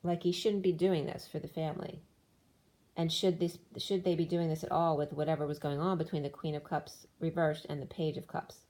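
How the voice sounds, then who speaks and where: A woman's voice: low-pitched, flat delivery, brisk, warm tone. A woman doing a tarot card reading, rambling through the cards with restarts, her voice worn as she loses it. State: losing her voice. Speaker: tarot reader.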